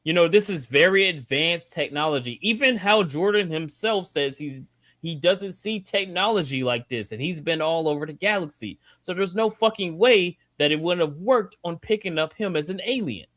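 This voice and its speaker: Podcast co-host, male, profane ranter who gets loud, dead-dry recording. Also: on the high side, normal speed, no room sound. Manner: animated, profane ranting that climbs to near-shouting. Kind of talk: casual review chat.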